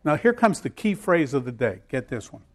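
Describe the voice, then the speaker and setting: A man's voice: medium pitch, big pitch swings, fairly quick. A man preaching a sermon, emphatic and repeating key phrases, joking with his listeners. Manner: repetitive, emphatic, jokes with audience.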